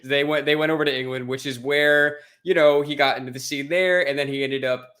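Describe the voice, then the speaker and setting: A man's voice: a little high, steady tone, fairly quick, fairly bright tone. An American man co-hosting a podcast, chatting loosely, swearing casually and laughing often. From United States. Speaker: podcast co-host. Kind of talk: casual chat.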